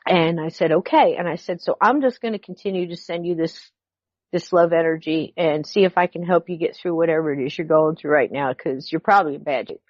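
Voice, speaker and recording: Middle-aged woman, animated storyteller acting out dialogue; low-set voice, dull lo-fi recording. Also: a little fast, no echo. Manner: animated, acts out quoted dialogue. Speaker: podcast guest. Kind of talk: personal storytelling.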